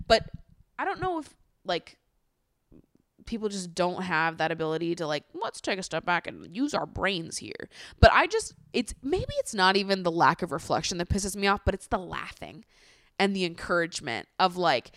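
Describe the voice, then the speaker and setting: A woman's voice: fairly low pitch, normal speed, no echo, clean studio sound. A young woman hosting a casual chat show, talking candidly and swearing freely. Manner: candid, animated, swears freely, mocks others in put-on voices. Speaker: podcast host.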